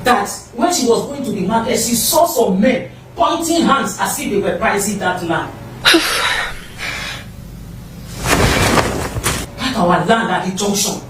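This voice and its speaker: A woman's voice: medium pitch, animated, moderate pace, echoey room, recorded from a distance, close to an everyday voice. A woman with a Ghanaian accent playing a stubborn, domineering older mother-in-law in an amateur stage drama, with noise behind. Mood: worried. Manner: stubborn, dismissive. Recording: noisy amateur stage recording.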